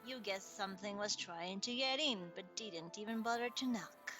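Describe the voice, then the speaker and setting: A young woman reading an interactive story aloud, playful and quick to swear. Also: mid-range voice, pushed and bright, faint music behind. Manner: playful, swears, laughs often.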